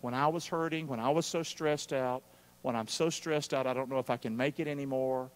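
A man preaching a live sermon, calling out for responses from the congregation and swinging between loud and hushed. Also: medium pitch, fairly even intonation, brisk. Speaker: pastor. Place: church sanctuary during a live service. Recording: long hall reverb of a church.

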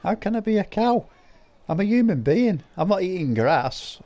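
Brit male game streamer, slightly high voice, crude teasing banter with chat. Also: big pitch swings, moderate pace, warm tone. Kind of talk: live gameplay commentary, reading chat.

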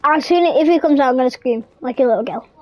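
A woman's voice: high voice, fast talker, dry recording. A woman gamer giving casual commentary on a horror game, full of jumpy, startled exclamations.

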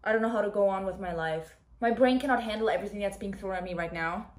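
A woman's voice: mid-range voice, fast, very noisy. A woman talking casually in a reading vlog, giving dramatic, exclaiming reactions as she reads. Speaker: book vlogger.

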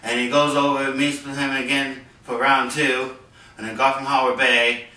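A man hosting a homemade comic show, excitedly acting out a superhero fight with laughs. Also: medium pitch, moderate pace, reverberant, recorded from a distance, low-quality recording. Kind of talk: excited toy fight play-by-play. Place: basement at home. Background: music playing.

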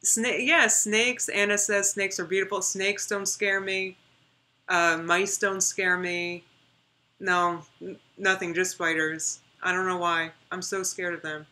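A streamer in her thirties chats casually on a reaction livestream. Her voice is fairly low, pushed, and bright, with a flat delivery and a slightly slow pace. She's emphatic and repeats words for stress.

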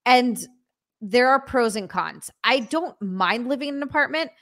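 A woman from Hawaii, a podcast guest chatting casually in a relaxed way with fillers. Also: on the high side, unhurried. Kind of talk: casual chat.

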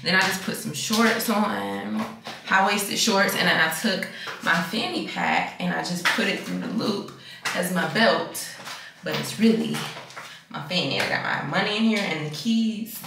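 A woman's voice: low-pitched, vocal fry, noisy background. A woman chatting casually to her viewers in a hotel room vlog, frank and profane, calling them y'all and friend. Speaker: vlogger. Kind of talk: casual vlog chat to camera.

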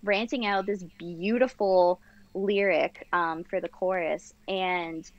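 Gravelly low-voiced woman singer. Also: steady tone, takes it slowly, no echo. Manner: enthusiastic storyteller, gushing. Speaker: band singer, guest. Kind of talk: casual interview chat. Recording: dull lo-fi sound.

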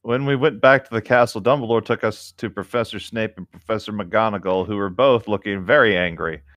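A man co-hosting a comedy podcast, reading a text aloud in a deadpan, amused way. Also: lowish voice, fairly quick, dry recording, clean studio sound. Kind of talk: comedic read-along.

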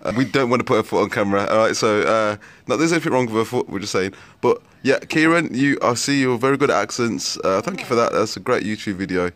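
A man's voice: fairly low pitch, fast, few pauses, fairly bright tone, dry recording. A young man hosting a casual vlog outdoors on a veranda, talking hesitantly and stopping to clarify what he means. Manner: hesitant, keeps adding clarifications. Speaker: vlog host filming a child.

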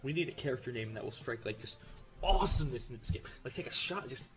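A man's voice: mid-range voice, expressive, fast talker. A man in the middle of a comedic gameplay commentary, his mid-range voice joking and riffing as he reacts to the screen. Faint game music sits under his voice. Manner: jokey, riffing, jumps into silly voices. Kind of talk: comedic let's-play commentary with improvised character voices.

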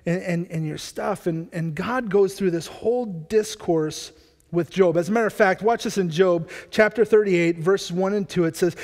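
Male pastor, lively casual preaching, higher voice, church hall echo. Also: normal speed. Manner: energetic, conversational, frequent restarts. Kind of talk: sermon. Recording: long church hall reverb.

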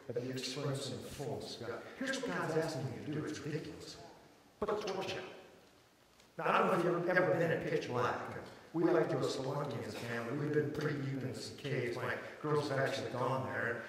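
A middle-aged man preaching a sermon as a pastor, telling stories dramatically and swinging from hushed passages to shouted peaks. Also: medium pitch, a little hiss or hum. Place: large church auditorium. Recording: echoey hall from far off with crowd.

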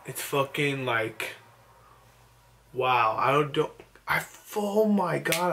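A man's voice: fairly high pitch, lively intonation, slow pace, a bit bright, a little hiss or hum. A young man vlogging at home late at night, overwhelmed and teary with disbelief, just woken up. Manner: overwhelmed, emotional, breathless disbelief. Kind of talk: late-night excited selfie vlog.

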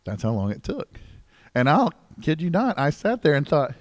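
A man preaching as pastor in a church service, conversational and joking, with asides to the congregation and wide swings between loud emphasis and low asides. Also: wildly swooping pitch, moderate pace, no echo. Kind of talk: sermon. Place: church sanctuary.

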